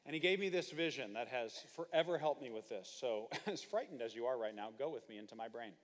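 A man preaching a sermon, telling stories with animated, comic asides. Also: mid-range voice, fast. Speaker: pastor. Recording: hall reverb.

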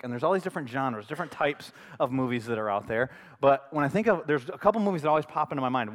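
A man preaching as pastor, telling a story in a lively way and building up to loud, excited bursts. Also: medium pitch. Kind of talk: sermon. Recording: hall reverb.

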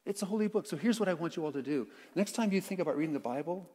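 A man preaching a sermon to his congregation, playful and animated, who acts out quotes and makes sound effects. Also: fairly high pitch, racing. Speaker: pastor. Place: church sanctuary. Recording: long church reverb.

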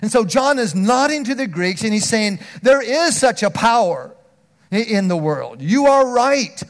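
High-voiced man preaching with big swings. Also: sing-song, normal speed. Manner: earnest, with frequent restarts and swings from loud emphasis to near hush. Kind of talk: sermon.

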